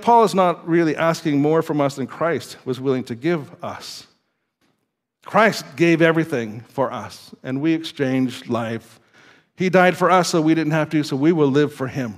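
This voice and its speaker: A male pastor preaching a sermon to his church, moving between quiet reading and emphatic, lively exhortation. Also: mid-range voice, normal speed. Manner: lively, swings from quiet to emphatic, with laughs and stumbles.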